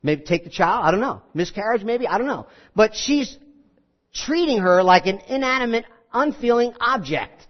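High-voiced man preaching a sermon. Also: normal speed, highs cut off. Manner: conversational preaching, animated, acts out scenes. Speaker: pastor.

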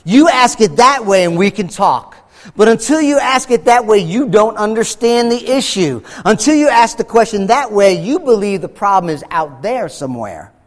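A man preaching a sermon as pastor, slowing down for heavy emphasis and acting out quoted voices. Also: sits high, animated, long reverb tail. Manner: preaching with dramatic slow emphasis and acted quotes.

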